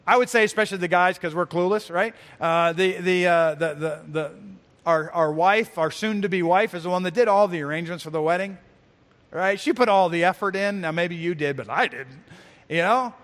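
A male pastor preaching a sermon, musing aloud with repeated words and reading scripture slowly. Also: high voice, fairly bright tone, long reverb tail.

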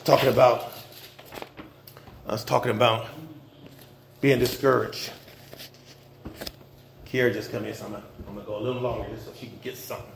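Male pastor, high gravelly voice, loose slangy sermon in an echoey church. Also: flat delivery, a little fast, pauses often, background noise. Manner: informal preaching with slang and humor, rising and dropping in intensity.

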